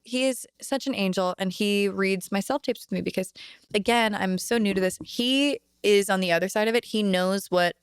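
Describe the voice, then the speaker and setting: A woman in her twenties, a singer and actress, chatting as a podcast guest in a chatty, animated way with lots of filler words and casual swearing. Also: mid-range voice, moderate pace, smooth, dry recording, studio quality. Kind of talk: casual chat. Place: indoor podcast set.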